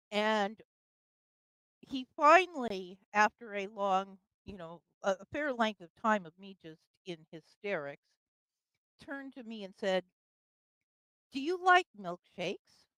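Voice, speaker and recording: A woman's voice: mid-range voice, bright, forceful tone, no echo, rough recording. An older woman telling a personal story in casual conversation, with fillers and laughs. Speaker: guest storyteller.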